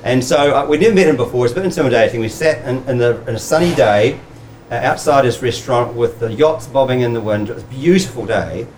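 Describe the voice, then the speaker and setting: A man's voice: medium pitch, quick pace, darkish tone, slight background noise, rough recording. A New man who works at the prison, welcoming visitors and telling a story in a friendly, joking way. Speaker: prison staff member. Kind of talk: casual chat.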